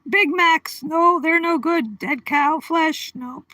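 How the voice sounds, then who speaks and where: A woman's voice: high-pitched, slow, sharp tone, no echo, rough recording. A woman hosting a casual livestream, chatting with viewers by name and giggling often. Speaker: livestream host. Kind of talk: casual live-stream chat.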